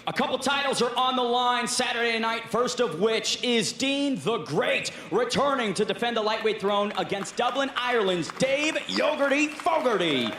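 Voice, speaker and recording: A man's voice: very high voice, lively intonation, normal speed, few pauses, fairly bright tone, a little hiss or hum. A man hosting a press conference, putting questions to fighters in an upbeat announcer manner. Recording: echoey hall with a crowd.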